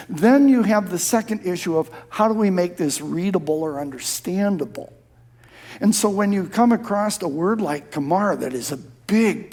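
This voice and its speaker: A male pastor preaching a sermon, dropping to a soft hush for prayers and rising to emphatic shouts on key phrases. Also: high-pitched. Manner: drops to a soft hush when quoting prayer.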